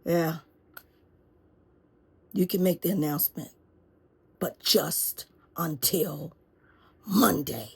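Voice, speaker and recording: Woman putting on a smug old president guy, gravelly, super raspy, short and snippy. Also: sits low, takes it slowly, pauses often, full character voice. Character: dismissive stubborn older male president.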